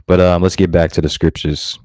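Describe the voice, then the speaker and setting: A man with a very low voice, teaching from scripture. He reads the verses slowly and keeps asking "all right?" between them. The sound is close and dry. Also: level tone, a little mellow, no room sound. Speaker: preacher. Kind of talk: street-style scripture teaching.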